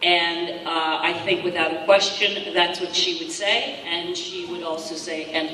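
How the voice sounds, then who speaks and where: A woman, a guest actor at a convention panel, speaking earnestly and thoughtfully, with pauses. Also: lowish voice, fairly even intonation, sharp tone. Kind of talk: casual panel answer. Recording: echoey hall from far off, noisy.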